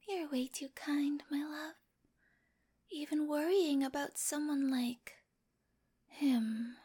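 A woman voicing a sweet but obsessive young girlfriend with a dark streak in a whispered role-play, speaking straight to the listener with giggles and coaxing whispers. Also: sits high, steady tone, extremely slow, pauses often. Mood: creepy adoring. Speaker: voice actor in listener-addressed audio drama.

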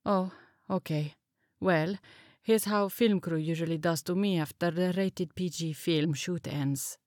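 Woman playing an emotionless accented model, deadpan and flat, lowish. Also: a little slow, no room sound, clean studio sound, close to an everyday voice. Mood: bland flat. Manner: flat, blandly indifferent, thickly accented.

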